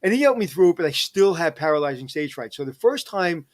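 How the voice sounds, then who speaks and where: A middle-aged man, a hospitality executive, telling personal stories in an energetic, animated interview. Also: a little high, quick pace. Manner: energetic, animated storyteller who digresses. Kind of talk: casual storytelling interview.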